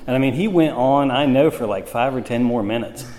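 A man's voice: medium pitch, a little fast, darkish tone. A man sharing his recovery story at a meeting, talking in a casual, rambling way with many fillers. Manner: conversational storytelling with frequent fillers. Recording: long hall reverb.

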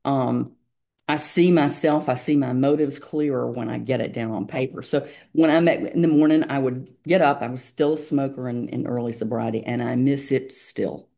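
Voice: medium pitch, steady tone, moderate pace, vocal fry, dark tone. A speaker sharing a personal recovery story in a reflective, hesitant way, with many fillers. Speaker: meeting member sharing. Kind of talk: personal testimony.

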